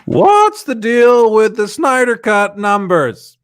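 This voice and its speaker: A man putting on an impression of a male stand-up comedian, asking slow, lilting rhetorical questions. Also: high-pitched, very animated, clear, resonant tone, voice pushed up, heavily acted. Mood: quizzical.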